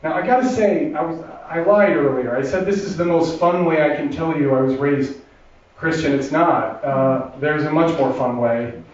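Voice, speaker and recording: A man tells comic stories about himself on a theater stage, chatty and self-deprecating, with a slightly high voice. The sound is distant and echoey, picked up from across a big room on a dull, muffled recording. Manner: self-deprecating, chatty, with restarts and quick asides. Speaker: comedian performing a solo show. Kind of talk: stand-up storytelling. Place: theater stage before a laughing audience.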